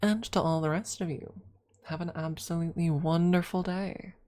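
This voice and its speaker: A woman streamer in a soft-spoken ASMR style, chatting gently with her viewers, giggling and slipping into whispers, calling them her lovelies. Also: on the low side, steady tone, normal speed. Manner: affectionate, calls chat her lovelies.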